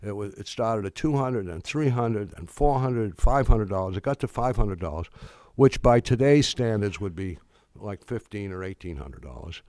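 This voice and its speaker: Halting older man telling stories. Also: lowish voice, expressive, a little mellow, dry recording, clean studio sound. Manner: halting, full of restarts and fillers. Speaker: speaker. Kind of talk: anecdotal speech.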